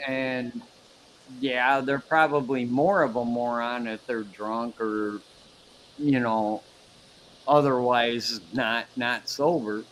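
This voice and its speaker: Slow-talking opinionated man chatting. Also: mid-range voice, fairly even intonation, fairly bright tone, a little hiss or hum, rough recording. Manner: opinionated, stumbling restarts. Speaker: livestream participant. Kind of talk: casual livestream chat.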